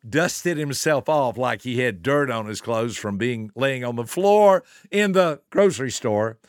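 Lively, good-humored older man telling stories. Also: mid-range voice, dry recording, studio quality. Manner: animated storyteller who laughs at his own stories and spells out acronyms slowly. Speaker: podcast host and speaker. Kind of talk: motivational talk with storytelling.

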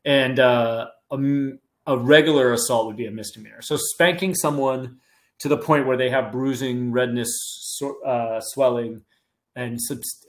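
A man who works as a criminal defense lawyer, answering questions in a casual podcast, thinking aloud with many restarts and hedges. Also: medium pitch.

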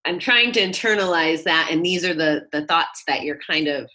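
A woman's voice: low voice, moderate pace, pushed and bright. A woman hosting a podcast, reflecting on her own teenage years and thinking aloud. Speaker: podcast host. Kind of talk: casual interview chat.

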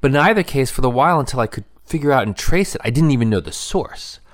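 A middle-aged man speaking earnestly about marriage, thinking aloud with fillers and pauses. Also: medium pitch, lively intonation. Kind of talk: reflective personal talk.

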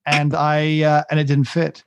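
Rambling man with a gravelly voice. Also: on the high side, monotone, a little slow, no room sound. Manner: rambling, self-mocking, lots of fillers and restarts. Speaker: podcast co-host. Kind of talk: casual chat.

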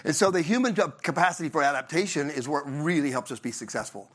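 A man's voice: a little high, lively intonation, fast talker, fairly bright tone. A middle-aged man from Tennessee giving a conference talk in a conversational way, often asking the audience questions and tagging lines with "right?". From Southern US, Tennessee. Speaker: conference speaker.

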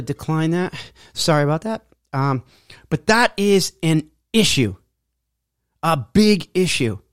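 A man's voice: a little high, no echo, studio quality. A man coaching on fitness in a blunt, preachy monologue that mocks people's excuses. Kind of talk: motivational monologue.

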